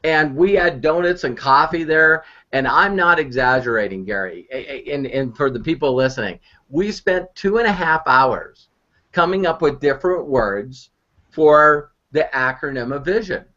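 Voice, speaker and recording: A man telling an animated story as an online marketing mentor on a live video call, repeating words as he goes. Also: fairly high pitch, moderate pace. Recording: muffled video call audio.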